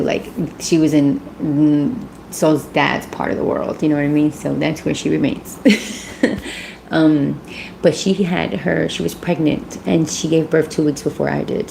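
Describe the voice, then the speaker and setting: Woman vlogger in her 30s, low gravelly voice, dark tone, blunt and profane, faint background noise. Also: fairly even intonation, unhurried, low-quality recording. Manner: blunt, swears freely, rising to emphatic. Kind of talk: casual commentary vlog.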